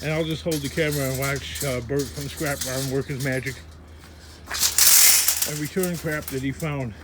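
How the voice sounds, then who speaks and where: Handling items amid scrap in his work space, a middle-aged man rambles through a casual vlog, chatting to himself as he works. His voice sits at medium pitch and normal speed, and steady background noise runs underneath.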